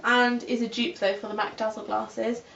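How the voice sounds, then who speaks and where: Girl joking around, kinda high voice, sounds a bit far and roomy. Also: little pitch movement, moderate pace, gravelly, background noise. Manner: teasing and playful. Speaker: beauty vlogger. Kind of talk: casual chat about makeup favourites. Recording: echoey dull audio, a little off-mic.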